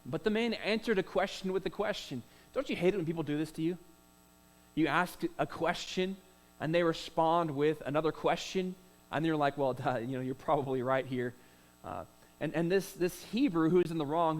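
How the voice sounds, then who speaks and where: Higher-voiced male pastor preaching. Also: poor audio. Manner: conversational preaching with rhetorical questions and frequent "uh" fillers; restarts and repeats words. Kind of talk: sermon.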